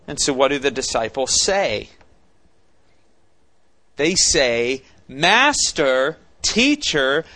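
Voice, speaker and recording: A man's voice: fairly high pitch, expressive, unhurried, pushed and bright. A man preaching an expository sermon, teaching conversationally and asking questions of the congregation. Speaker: pastor.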